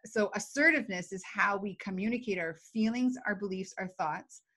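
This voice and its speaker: A woman's voice: medium pitch, normal speed. A woman, a guest expert on emotional intelligence, talking in a casual live video chat and acting out examples as she explains. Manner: animated, explains with acted examples.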